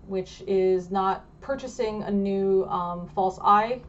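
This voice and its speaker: A woman's voice: mid-range voice, slow. Rambling woman vlogger, slightly muffled audio. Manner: rambling, lots of fillers and restarts. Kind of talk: casual explainer vlog.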